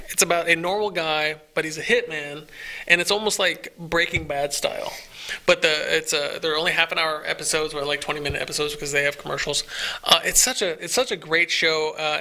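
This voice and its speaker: A man's voice: a little high, gravelly, bright, forceful tone. A man co-hosting a casual podcast chat, rambling eagerly with many restarts. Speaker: podcast co-host.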